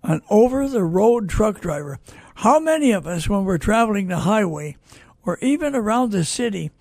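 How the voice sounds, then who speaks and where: An older man hosting a Christian radio program, reading listener calls with slow, preacherly asides. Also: high-pitched, gravelly, darkish tone, dry recording. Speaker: radio host and network founder. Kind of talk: folksy radio commentary.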